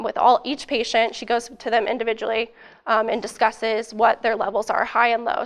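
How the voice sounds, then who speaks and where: A woman's voice: a little high, a bit bright. A young woman student giving a casual academic presentation, eager and full of fillers, her voice a little worn. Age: young adult. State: losing her voice.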